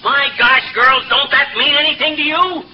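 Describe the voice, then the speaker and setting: An actor playing a blustering, excitable husband who fancies himself a detective, loud and quick to leap to wild conclusions, in 1940s radio comedy style. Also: male voice, very high-pitched, music in the background. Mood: excited. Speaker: comic lead in a radio sitcom. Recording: muffled old radio broadcast with hiss.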